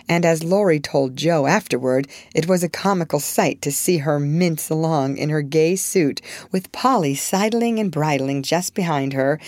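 A woman narrates a classic novel aloud in a steady, clear reading style. Her voice sits on the low side for a woman. The recording is dry and close, with no room sound. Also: no room sound. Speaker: audiobook reader. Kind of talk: scripted narration.

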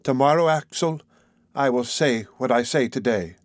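A man reading aloud voices a brave, devoted young woman from a classic novel, raising his voice and speaking softly and earnestly. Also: mid-range voice, normal speed, no room sound, clean studio sound, lightly acted.

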